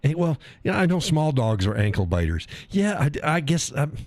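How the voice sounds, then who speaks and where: A man's voice: on the high side, very animated, moderate pace, darkish tone, no room sound. A man in his sixties hosting a live stream, tired, crude and rambling as he reads chat aloud and laughs often.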